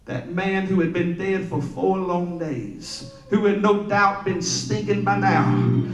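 High-voiced preaching pastor in a roomy hall. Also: male voice, steady tone, slow, recorded from a distance. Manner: preaching with rising chanted, sing-song intensity; drops low and soft for quoted scripture. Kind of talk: sermon. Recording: roomy church hall with music behind.

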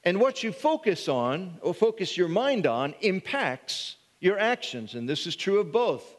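A male pastor preaching in a church sanctuary with a high voice for a man, animated and full of quick restarts. His words carry a long reverb through the room. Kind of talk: sermon.

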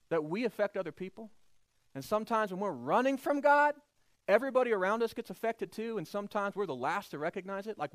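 Brief: male pastor, expressive high voice, dry close recording, storytelling sermon. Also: dry recording. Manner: animated storytelling, acts out voices.

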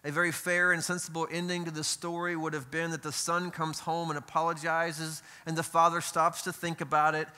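A man's voice: fairly high pitch, little pitch movement, fairly quick, few pauses, pushed and bright, clear, resonant tone. A middle-aged man, a pastor, preaching a conversational sermon in a church, with asides and rhetorical questions. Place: church sanctuary.

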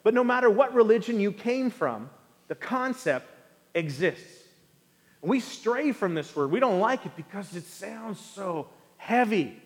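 A male pastor giving an animated sermon to a congregation, acting out quoted voices for humor. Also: high voice, a little slow. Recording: hall with long reverb.

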